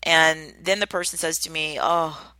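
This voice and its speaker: A woman hosting a solo podcast as a coach, talking in an animated way and acting out the people she quotes with big exclamations. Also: low-pitched, unhurried, dry recording, poor audio.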